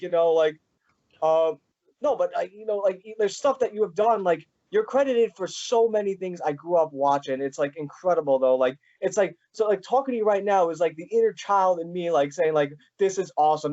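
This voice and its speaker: A man's voice: high-pitched, animated, brisk, darkish tone. A young man hosting an interview, eager and rambling with many fillers. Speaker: podcast host. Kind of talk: casual interview chat. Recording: dull lo-fi sound.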